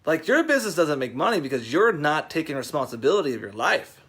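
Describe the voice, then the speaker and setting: A man's voice: a little high, sing-song, fast, fairly bright tone, breathy edge. A man hosting a casual vlog, speaking bluntly and with lots of profanity as he rants about taking responsibility. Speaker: marketing coach vlogger. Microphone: phone camera.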